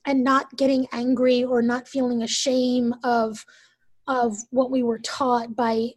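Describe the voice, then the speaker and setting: A woman in her forties telling a personal story as a guest, emphatic and animated, swearing freely. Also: fairly high pitch, no echo. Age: 40s. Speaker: guest, event leader.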